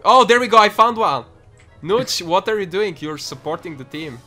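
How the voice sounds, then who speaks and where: A British man hosting a casual game session with friends, playful and quick to giggle and joke. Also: high-pitched, expressive, over loud music. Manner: playful, giggly, jokes around. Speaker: host playing a game with friends. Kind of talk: casual gaming chat.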